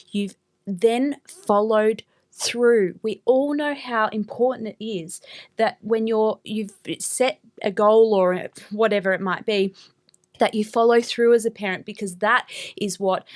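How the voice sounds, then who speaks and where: A woman co-hosting a relaxed podcast conversation with a middling pitch. She lays out her points step by step and keeps nodding along out loud with quick agreements while the other host talks. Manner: agreeable, explains step by step, chimes in with short affirmations. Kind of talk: casual podcast chat.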